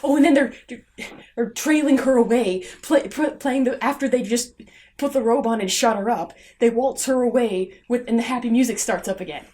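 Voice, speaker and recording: At a moderate pace, a young woman vlogger vents about a film, sarcastic and exasperated, shifting from loud outbursts into low muttering and back.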